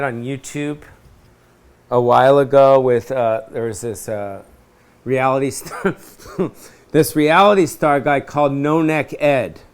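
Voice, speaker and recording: This middle-aged host rants alone in his apartment, his clear, resonant voice sitting at medium pitch. He wanders from point to point, swears freely, and keeps losing the thread of what he was saying.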